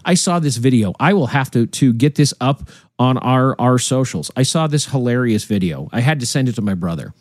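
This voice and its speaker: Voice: medium pitch, expressive, fairly quick, darkish tone, no room sound. A radio co-host in casual studio chat, rambling and repeating words as they go.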